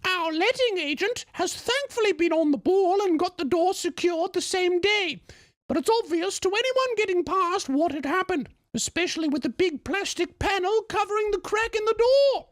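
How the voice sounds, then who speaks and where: A man voicing a near-blind young English woman in a prim falsetto with an English accent, reading her own email for comedy. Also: animated, normal speed, fairly bright tone, no echo, studio quality.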